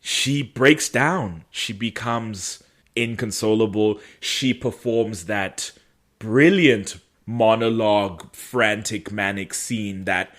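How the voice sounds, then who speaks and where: A man co-hosting a podcast, casually recapping a TV episode as an animated storyteller. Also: lowish voice, slow pace. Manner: animated storyteller, acts out quotes dramatically. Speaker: podcast co-host. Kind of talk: casual chat recapping a TV show.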